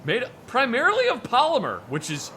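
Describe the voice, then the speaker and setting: A man's voice: very high-pitched, wildly swooping pitch, fairly quick, bright, forceful tone, a little hiss or hum. A man in casual chat while playing a game, explaining guns at length and swearing casually. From United States. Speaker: gaming video host.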